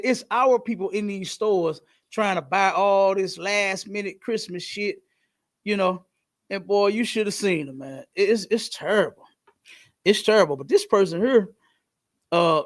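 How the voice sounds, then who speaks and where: Man leading a casual class, high voice, loose and profane, storytelling. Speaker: class teacher.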